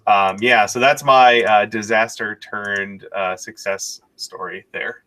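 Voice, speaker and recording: A man's voice: lowish voice, fairly even intonation, takes it slowly, sharp tone. A man co-hosting a live stream, reading questions and telling a chatty story with chuckles.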